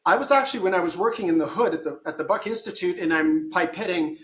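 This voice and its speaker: A man speaks in a slightly higher-than-usual register while working through ideas out loud, breaking off and starting his sentences again. His voice carries a noticeable room echo. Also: fast talker. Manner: thinking aloud with frequent restarts. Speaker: guest. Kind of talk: casual conversation.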